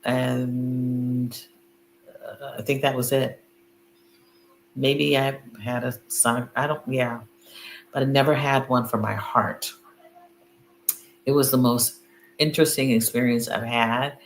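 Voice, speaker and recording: A middle-aged woman chatting casually on a video call, telling a story with lots of fillers and laughter. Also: rumbling low. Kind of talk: casual chat. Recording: echoey room with faint hum.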